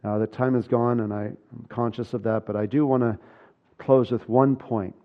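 A man's voice: medium pitch, fairly even intonation, moderate pace, phone-quality sound. A man preaching a sermon, earnest and building to urgent, emphatic passages. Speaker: pastor.

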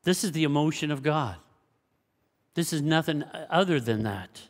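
A man preaching a sermon as pastor, swinging between loud exclamations and hushed, low passages. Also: lively intonation, normal speed. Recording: long hall reverb.

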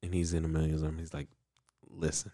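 Deep-voiced man, animated recap chat. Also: a little slow. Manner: animated storytelling, acts out characters in voices. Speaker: podcast co-host recapping an anime. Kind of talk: casual chat.

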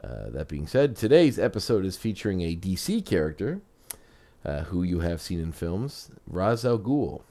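A man's voice: low voice, big pitch swings, moderate pace, dark tone. A man hosting a podcast, chatting casually with rambling restarts, then narrating a story. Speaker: podcast host.

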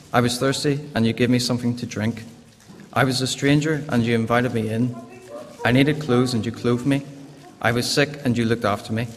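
A man reading a scripture passage aloud in a steady, formal way in a church. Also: medium pitch. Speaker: scripture reader. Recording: echoey hall, faint hiss.

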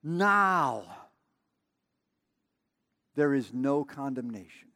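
A man's voice: mid-range voice, expressive, drawn-out words, bright, forceful tone, in a large hall. A man preaching a sermon in a conversational way, with emphatic repetition and storytelling asides. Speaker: pastor.

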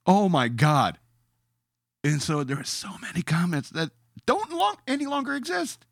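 A man's voice: high voice, sing-song, normal speed, gravelly, no room sound, clean studio sound. A man ranting in a sarcastic, emphatic way as a podcast host, now and then reading out his own comments in a mocking voice.

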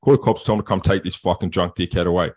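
A man, co-hosting a podcast and telling a long story in casual chat, sweary and animated. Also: deep voice, rapid-fire. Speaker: podcast co-host.

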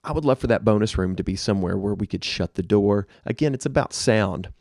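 A man with a low, gravelly voice chats casually as a podcast co-host, offering practical tips to his listeners. The sound is close and dry, with no room around it. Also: lively intonation, a little fast, a little mellow, no room sound. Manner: conversational, advice-giving, addresses listeners directly. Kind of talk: casual chat.

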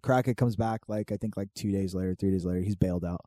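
Man, casual storyteller, profane, animated, mellow tone, dry sound. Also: deep voice, fast, no room sound. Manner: profane, animated storyteller acting out quoted voices.

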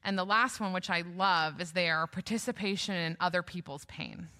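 Bright-voiced young woman preaching in a church. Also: lowish voice, moderate pace. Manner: conversational with light humorous asides. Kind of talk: sermon. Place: church sanctuary. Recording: long reverb of a church hall.

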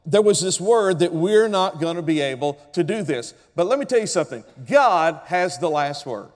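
A male pastor preaches in a storytelling way, his voice slightly higher than most men's. His words ring out with a long reverb through a church sanctuary, and he keeps drawing the congregation into call-and-response. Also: animated, normal speed. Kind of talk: sermon.

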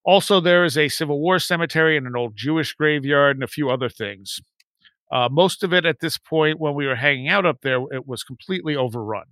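A man in his forties telling a story in a casual chat, rambling and lively when he quotes his friends. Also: fairly high pitch, fairly quick, dry recording.

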